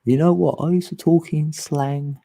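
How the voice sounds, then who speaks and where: A man's voice: fairly high pitch, fairly even intonation, normal speed, gravelly, dark tone. A man hosting an online group chat, rambling casually and laughing often.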